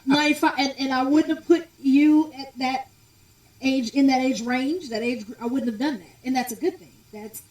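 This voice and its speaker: A woman guest in a casual chat, animated and emphatic, often laughing as she talks. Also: sits high, moderate pace. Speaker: podcast guest. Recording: echoey room, distant mic.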